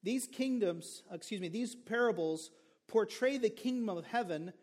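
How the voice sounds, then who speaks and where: A male pastor preaching a sermon in an animated, conversational way. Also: sits high, normal speed. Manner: animated, conversational, acts out characters.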